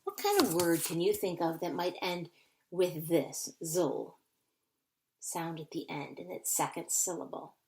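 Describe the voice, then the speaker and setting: A woman's voice: fairly low pitch, expressive, normal speed, darkish tone. A woman teaching a phonics lesson to young children, patiently repeating words to sound them out.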